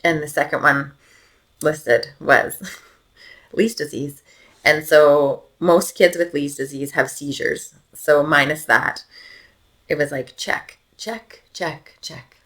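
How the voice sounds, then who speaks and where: Her low, slightly bright voice stays steady and slow as this Canadian mother in her thirties tells a podcast interviewer about her infant daughter falling ill. She's casual, uses lots of fillers, and often goes nearly silent to a whisper.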